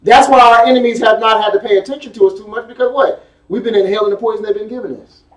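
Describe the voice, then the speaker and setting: High-voiced preacher in an echoey hall. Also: male voice, steady tone, quick pace. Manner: emphatic call-and-response preaching, casual asides. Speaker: pastor. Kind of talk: sermon with Bible reading. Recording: echoey room, speaker far from the mic.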